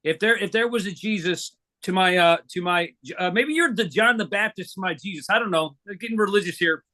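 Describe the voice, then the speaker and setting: High, bright-voiced joking podcast host man. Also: fairly quick. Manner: jokey, playful banter. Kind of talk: casual chat.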